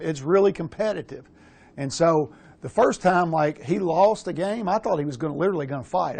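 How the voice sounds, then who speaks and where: An older man near sixty with a drawl coaches quarterbacks in a clinic talk. His voice is gravelly and sits somewhat high. He talks loosely and swears freely as he drifts from drill instructions into stories. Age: around 60. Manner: casual, profane, rambling storyteller.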